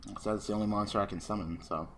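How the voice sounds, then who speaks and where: A man with a fairly low voice talks through an online card duel in loose, casual commentary. He swears constantly and swings from quiet muttering to loud ranting. A faint hiss of noise sits under the recording. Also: steady tone, very fast. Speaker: gaming channel host.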